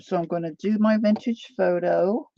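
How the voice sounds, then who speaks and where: Gravelly woman chatting while crafting. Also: mid-range voice, moderate pace, mellow, no room sound, muffled recording. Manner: chatty, thinks aloud while working. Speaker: craft vlogger. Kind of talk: casual demo chat while crafting.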